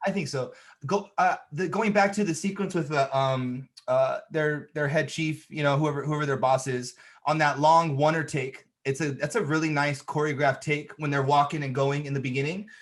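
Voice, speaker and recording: A man's voice: a little high, moderate pace. A man hosting a casual podcast, talking loosely about filmmaking details in a movie. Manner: relaxed, loose, points out film craft details.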